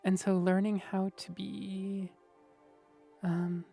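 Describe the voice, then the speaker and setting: A woman streamer in casual livestream chat, explaining voice technique in a gentle, thoughtful way and often checking in with "right?". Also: medium pitch, monotone, slow, creaky, soft background music. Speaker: streamer host.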